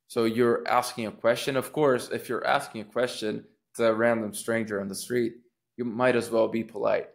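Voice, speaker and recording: A man's voice: medium pitch, level tone, normal speed, gravelly. A man teaching public speaking in a casual lesson, thinking aloud with restarts and acting out rising and falling intonation on sample phrases. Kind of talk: casual instructional talk.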